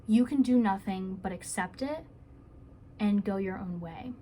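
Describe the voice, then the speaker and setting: A woman's voice: mid-range voice, unhurried, dark tone, slight background noise. A woman giving earnest, rambling self-help advice to camera in a casual vlog, with playful asides.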